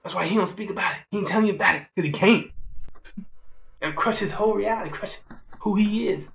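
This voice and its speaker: A man preaching a fiery street sermon, repeating himself and jumping between loud outbursts and low murmurs. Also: fast, vocal fry, lo-fi sound. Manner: repetitive, rhetorical, keeps asking "you see".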